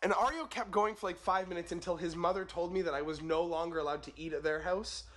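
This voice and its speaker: A man's voice: sits high, fairly even intonation, fast, fairly bright tone. A man from California, co-hosting a comedy podcast, telling a rambling childhood story. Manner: rambling with fillers and restarts. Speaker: podcast co-host.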